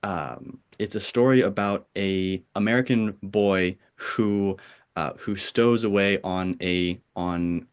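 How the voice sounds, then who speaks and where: A man hosting a casual conversation, talking in a hesitant, halting way with many restarts. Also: low-pitched, steady tone, smooth. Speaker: podcast host.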